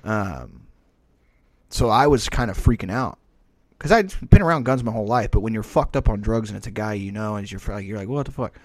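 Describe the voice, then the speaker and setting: A man's voice: fairly low pitch, brisk, no echo. A man co-hosting a podcast, telling a rambling, profanity-heavy story in casual chat. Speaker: podcast co-host.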